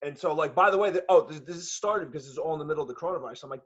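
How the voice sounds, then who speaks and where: A middle-aged man, a jiu-jitsu gym owner telling a profane, animated story in casual chat. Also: on the high side, rapid-fire, breathy edge. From New York. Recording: dull lo-fi audio.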